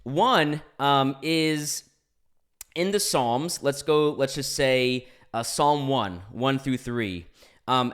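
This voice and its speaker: A man's voice: mid-range voice, animated, slow, fairly bright tone, clear, resonant tone. A young man hosting a podcast, asking earnest, curious questions with frequent fillers and self-corrections. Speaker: podcast host. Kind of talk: interview questions.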